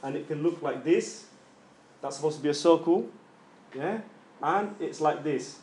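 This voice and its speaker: A man with a somewhat high voice teaches Quran recitation at an unhurried pace in an informal classroom lesson. He's chatty, voices sounds aloud to demonstrate them, and keeps checking in with "yeah?"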